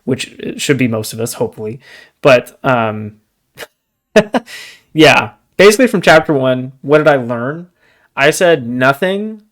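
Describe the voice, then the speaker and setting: A man's voice: medium pitch, a little slow, pauses often. Chatty young man on a book podcast. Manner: chatty and animated, says "dude" and "like" often. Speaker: podcast co-host. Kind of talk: casual book discussion.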